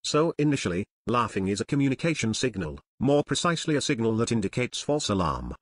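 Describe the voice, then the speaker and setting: A man giving scripted, deadpan comic narration in a dry, lecturing tone, like an outsider explaining things. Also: mid-range voice, fast, no echo. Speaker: narrator of an educational series.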